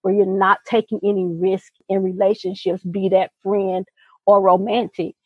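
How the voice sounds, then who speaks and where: A woman's voice: medium pitch, moderate pace, breathy edge, no echo. A woman co-hosting a podcast, talking earnestly and expressively in a casual, heartfelt conversation. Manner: earnest, expressive, folksy asides. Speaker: podcast co-host. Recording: tinny phone-like sound.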